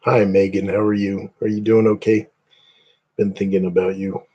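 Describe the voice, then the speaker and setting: On a dull-sounding recording, a man with a lowish, slightly rough voice speaks at normal speed with flat delivery. He hosts a casual livestream, chatting with viewers in a rambling, joking, self-deprecating manner.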